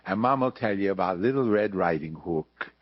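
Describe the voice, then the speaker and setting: A man's voice: deep voice, expressive, normal speed, no room sound, highs cut off. A man putting on a Yiddish-accented dialect as a doting mother coaxing her baby to eat, in a comic storybook reading. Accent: Yiddish-inflected New York English dialect.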